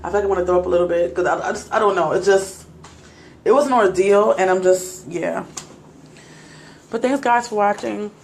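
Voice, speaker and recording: A woman's voice: medium pitch, a little fast, long pauses, roomy sound, a little hiss or hum. A young adult woman vlogger, shaken and laughing nervously, retelling a scary night to her viewers on a phone. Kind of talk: casual storytelling to viewers.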